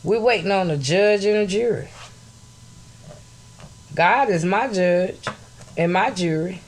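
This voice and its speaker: An outraged woman hosting a solo podcast, her voice climbing from low, steady talk to loud shouting. She speaks bluntly, swears often and stops to greet her viewers. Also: takes it slowly. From United States. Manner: greets live chat viewers mid-talk. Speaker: podcast host.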